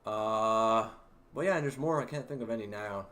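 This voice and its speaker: A young man hosting a livestream, telling stories about work in a rambling, halting way with many fillers and laughs. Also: on the low side, fairly bright tone. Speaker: livestream host. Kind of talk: casual storytelling to a livestream chat.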